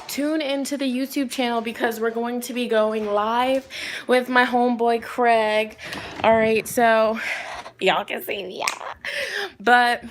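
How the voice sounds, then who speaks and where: A woman's voice: on the high side, slight background noise. A young woman hosting a casual live stream from her phone as a tarot reader, talking in a loose, slangy way and reading viewer comments aloud. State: a little out of breath. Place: outdoors with spotty wifi.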